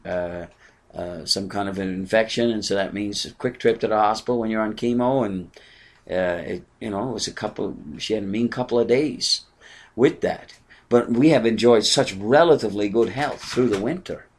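Older man preaching an earnest sermon. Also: fairly low pitch. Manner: earnest preaching, swinging from soft asides to raised exclamations. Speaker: pastor.

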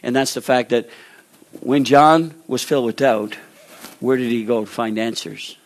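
A male preacher delivering a sermon in a mid-range voice. He acts out the figures he quotes, rising to loud, high exhortation and then falling to slow, hushed pleading. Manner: acts out biblical dialogue.

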